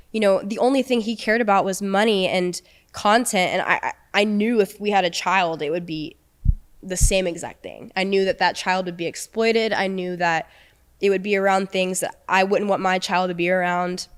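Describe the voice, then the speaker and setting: Young woman on a podcast telling her story, smooth clear voice, stumbles and restarts a lot. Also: mid-range voice. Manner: halting, many restarts and fillers. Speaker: podcast guest. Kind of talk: personal storytelling.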